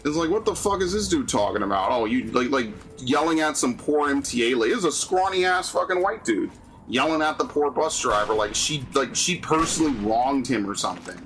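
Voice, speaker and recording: A man's voice: medium pitch, animated, brisk, a bit bright, faint music behind. A man streaming a game, ranting profanely about city life in casual chat.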